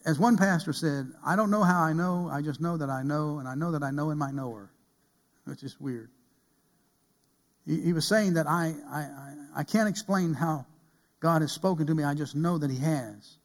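A man preaching from a church pulpit, his voice sitting a little high. He swings between loud emphatic peaks and soft, hushed passages as he builds his sermon. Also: normal speed. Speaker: pastor.

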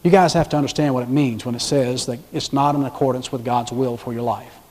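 A man's voice: mid-range voice, steady tone. Preacher man in a reverberant hall. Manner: dramatic swings between loud emphasis and hushed, slow delivery. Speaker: pastor. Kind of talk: sermon.

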